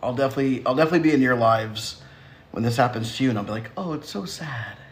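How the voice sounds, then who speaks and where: A man with a mid-range voice talks rapid-fire while hosting a casual livestream. He answers viewer comments in a sassy, teasing manner and laughs often.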